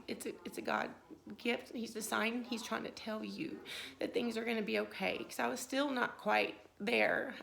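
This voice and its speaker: A woman with a strongly creaky, gravelly voice shares a personal faith story. She talks in a casual, earnest way and often quotes her own thoughts as she goes. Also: fairly high pitch, fairly bright tone. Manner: earnest, conversational, with frequent restarts and quoted inner thoughts. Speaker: vlogger sharing a personal faith testimony.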